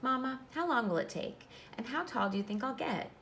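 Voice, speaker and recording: A woman voicing an eager, self-doubting young boy in a pitched-up, earnest storybook voice. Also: lively intonation, fairly quick, fairly bright tone, a little hiss or hum. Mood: hopeful.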